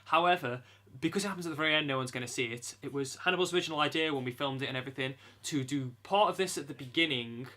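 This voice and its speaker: A man's voice: a little high, racing, few pauses, pushed and bright. A man co-hosting a casual video commentary, chatty and self-deprecating.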